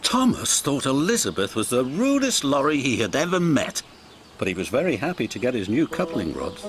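A man narrating a children's storybook in an expressive, sing-song way. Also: medium pitch, normal speed. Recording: narration over music.

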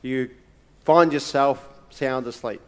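A male pastor preaching a sermon in a church, emphatic, with dramatic pauses and swings between loud and soft. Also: mid-range voice, smooth.

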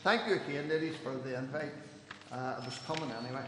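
A man, a church elder telling jokes at a gathering and raising his voice for each character. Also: fast talker. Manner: animated storyteller, raises pitch for quoted voices. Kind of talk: after-dinner joke telling. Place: church hall. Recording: echoey hall, some noise.

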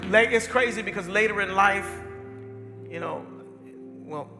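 A middle-aged man preaching a sermon as pastor, repeating phrases and swinging between hushed and loud delivery. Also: high-pitched, a little slow, long reverb tail, over music, a crowd in the background.

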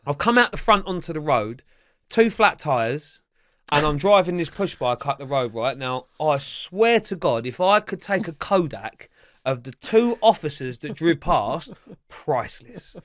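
A man's voice: fairly high pitch, very animated, a little slow, fairly bright tone. A man telling wild stories as an interview guest, swearing freely and acting out the voices of other people. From England. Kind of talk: storytelling in a podcast interview.

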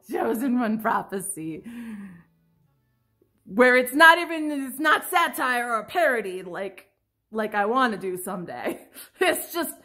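A woman's voice: fairly high pitch, expressive, measured pace, sharp tone, faint music behind. Dramatic self-mocking young woman vlogger. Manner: dramatic, self-mocking, laughing, mock-anguished outbursts. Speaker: writing vlogger. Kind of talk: casual confessional vlog.

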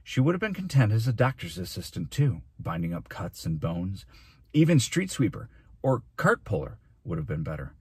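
Teacher guy reading a kids book out loud, really low husky voice, dry sound. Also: normal speed, no room sound. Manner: steady storytelling narration. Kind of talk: reading a novel aloud for children.

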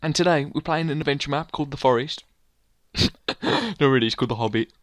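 A man's voice: medium pitch, fast talker, no echo, studio quality. Jokey young man hosting a game let's play. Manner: jokey, excitable, says "literally" a lot. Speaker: gaming channel host. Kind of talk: casual let's play commentary.

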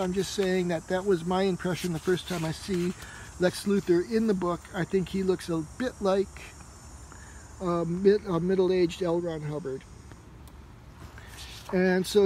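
A man's voice: high voice, warm tone, slight background noise, poor audio. A man casually talking through a comic book issue in a rambling way, full of fillers and restarts. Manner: rambling, heavy on fillers like "you know" and "uh". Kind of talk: casual spoken review.

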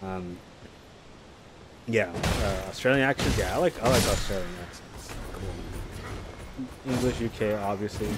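A man streaming a game live, chatting casually and rambling between loud, excited reactions to the play. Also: on the low side, a little slow, pauses often, very noisy. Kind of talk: casual live gameplay chat.

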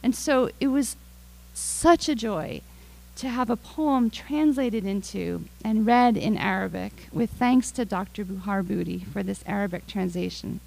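An American woman, a featured poet, introducing and reading her poems in a slow, deliberate way that lingers on words. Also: mid-range voice, creaky, darkish tone, poor audio. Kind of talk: poetry reading with spoken introduction.

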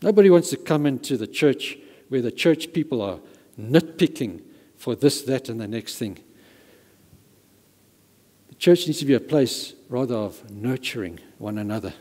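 A man's voice: mid-range voice, expressive, normal speed, mellow. A man preaching a sermon as pastor, emphatic and given to repeating words for stress. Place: church hall. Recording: reverberant church hall.

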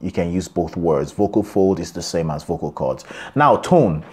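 A man's voice: sits low, lively intonation, moderate pace, darkish tone. A man teaching a singing lesson, explaining in short phrases and singing examples. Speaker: singing coach. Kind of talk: vocal lesson with sung examples.

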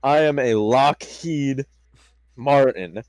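A man's voice: mid-range voice, slow pace, a little mellow, no room sound. A young man playing in a tabletop game, joking and eager in casual banter. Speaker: player.

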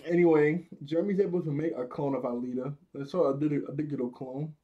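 Husky, laid-back slangy guy. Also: on the high side, steady tone, quick pace, warm tone, dull audio. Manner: slangy, laughing, frequent self-corrections. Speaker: cartoon episode reviewer. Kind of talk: casual episode recap.

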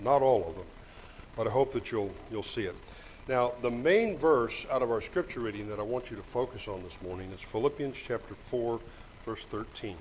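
An older man preaches a Sunday sermon from a church microphone. His voice sits at a middle pitch, and his talk is folksy, full of small jokes. When he reads scripture he slows right down, with a faint hum underneath. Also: poor audio. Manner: folksy, joking asides, reads scripture slowly. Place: church sanctuary. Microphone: microphone with monitor.

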